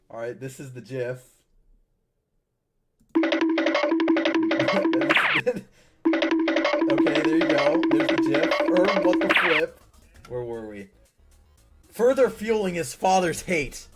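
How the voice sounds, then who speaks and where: A man's voice: on the high side, animated, measured pace, long pauses, over loud music. A man casually reading viewer-submitted stories aloud, often laughing and breaking off into incredulous outbursts.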